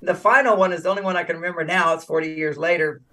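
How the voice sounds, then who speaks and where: Older man, interview guest, from the US, animated, acts out dialogue, high-pitched, slightly distant mic. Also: rapid-fire. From United States. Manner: animated, acts out quoted dialogue, laughs often. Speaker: relationship author, interview guest. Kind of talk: casual interview talk with storytelling.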